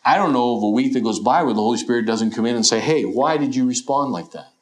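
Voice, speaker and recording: A middle-aged pastor preaches a sermon in an earnest, questioning manner, often voicing imagined listeners. His mid-range voice moves at a fast pace.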